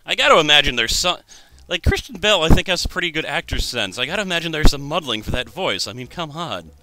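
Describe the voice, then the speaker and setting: A man's voice: on the high side, sing-song, quick pace, bright, forceful tone, no room sound. A man in his twenties giving wry gameplay commentary. He thinks aloud and jokes at his own expense. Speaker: let's play host.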